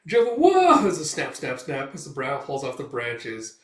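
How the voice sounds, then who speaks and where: A man's voice: mid-range voice, normal speed, slight background noise. A man casually narrating a comic read-through in a loose, rambling way. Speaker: manga reader and commentator. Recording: echoey room, distant mic.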